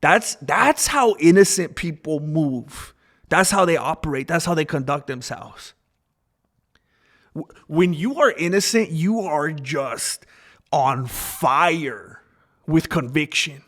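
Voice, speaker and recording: A man hosting a casual opinion commentary, talking in an animated, repetitive way and acting out the voices of people he quotes. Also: fairly high pitch, slow. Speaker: commentary channel host.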